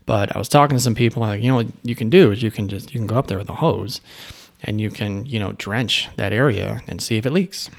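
A man's voice: on the low side, quick pace, gravelly. A man who owns an agency, telling a story in a casual, rambling way with asides and restarts. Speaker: agency owner.

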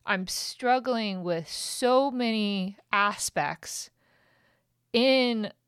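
A woman's voice: a little high, drawn-out words, smooth, no echo, clean studio sound. A woman hosting a podcast, talking candidly and emotionally in a raw, venting monologue that swears freely. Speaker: podcast host.

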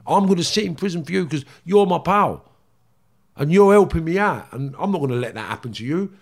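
A man's voice: a little high, expressive, fairly quick, vocal fry. An intense man, speaking with blunt, raw feeling and frequent swearing. He circles back and repeats his points as he talks. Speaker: guest, former criminal. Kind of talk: emotional interview storytelling.

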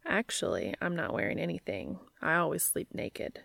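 A woman's voice: fairly low pitch, sing-song, moderate pace, dry recording, heavily acted. Cass, a woman voicing a shy whispering man. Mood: tender. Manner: soft, breathy whispers. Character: shy earnest adult man, lover. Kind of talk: amateur audiobook reading.

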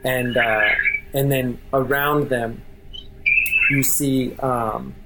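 Casual game master narrating a scene. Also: male voice, mid-range voice, a bit bright, slight background noise, poor audio. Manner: casual, rambling, many fillers. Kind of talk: narrating a tabletop role-playing game.

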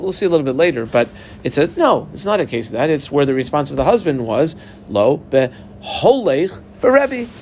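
A man's voice: medium pitch, a little hiss or hum. A man leads a Talmud study session in an orderly, step-by-step way. He reads short Aramaic phrases, translates them and tells learners exactly how to mark the text. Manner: methodical, guides text markings step by step. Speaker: Talmud teacher.

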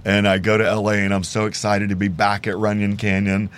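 A podcast host from Houston, Texas interviews a guest over a video call, upbeat, enthusiastic and quick to laugh. His lowish voice is monotone and a little fast, with a clean tone.

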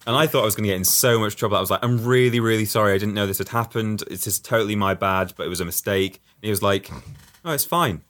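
A man's voice: fairly low pitch, fairly even intonation, very fast, few pauses, fairly bright tone. A man chatting casually as a podcast co-host, sheepishly telling a story about his own mistake at work. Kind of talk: casual chat.

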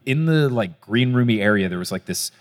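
A man's voice: medium pitch, animated, fairly quick. Brief: young male podcast host, chatty and loose, recorded live in a reverberant venue. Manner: casual, chatty storytelling with frequent "like". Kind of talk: live podcast chat on stage. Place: live stage show before an audience.

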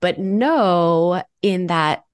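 A woman in her forties, a guest consultant giving articulate, lively interview answers and laughing easily. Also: on the low side, very slow, clear, resonant tone.

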